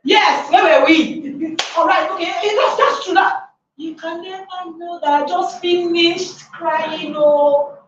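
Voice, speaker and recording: A woman's voice: very high voice, slow, a little hiss or hum. A woman giving a motivational workshop talk to a live audience, emphatic and full of rhetorical questions. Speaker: workshop speaker. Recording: echoey room from far off, dull sound.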